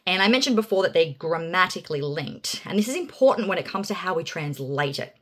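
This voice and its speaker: A woman explaining Bible Greek grammar in a casual, chatty teaching style, with lots of fillers and lively emphasis on key words. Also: fairly low pitch, brisk.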